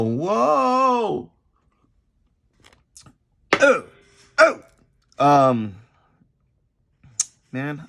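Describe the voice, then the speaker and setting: Male artist vlogger, gravelly, lively pitch, rambling unscripted chat while sketching. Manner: rambling, halting, repeats himself.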